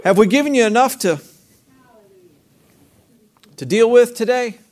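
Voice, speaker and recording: Male pastor, high-pitched, conversational sermon with call-and-response. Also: animated, a little slow, darkish tone. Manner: conversational preaching with rhetorical questions and call-and-response.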